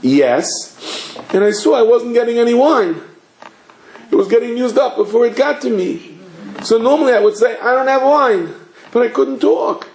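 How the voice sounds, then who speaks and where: A man voicing an earnest, tearful eight-year-old boy who pleads his case in a high, whiny voice. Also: expressive, drawn-out words, long pauses, a little mellow, heavily acted. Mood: earnest pleading. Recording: echoey room.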